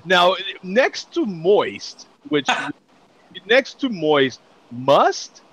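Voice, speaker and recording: A man's voice: high-pitched, sing-song, drawn-out words, a bit bright, muffled recording, a little hiss or hum. A man hosting a casual beer chat show, laughing often and joking as he reads out tasting notes. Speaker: podcast host.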